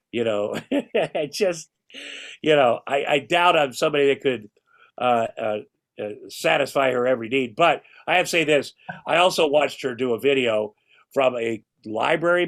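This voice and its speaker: A man in his sixties, a podcast guest, chatting casually and rambling with restarts and casual swearing. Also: mid-range voice. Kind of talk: casual chat.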